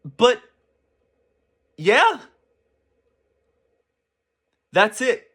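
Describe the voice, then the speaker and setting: A young man giving casual, excitable commentary as a channel host, rambling and swearing freely. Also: very high-pitched, very slow, husky.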